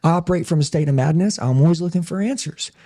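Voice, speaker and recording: A man's voice: a little high, quick pace, mellow. A middle-aged man telling his life story as a podcast guest, intense and emphatic, swearing casually. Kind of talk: conversational interview storytelling.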